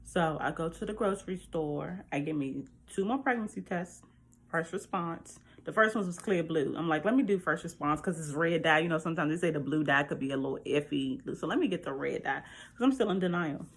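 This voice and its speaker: A woman vlogger telling a personal story to camera in a chatty, animated way, speaking straight to her viewers. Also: low voice, a little fast, breathy edge.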